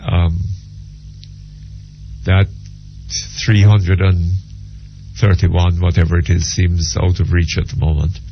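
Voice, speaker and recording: A man hosting a call-in radio show, unhurried and hesitant with many ums. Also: deep voice, little pitch movement, creaky, soft background music. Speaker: radio talk show host. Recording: dull lo-fi radio broadcast.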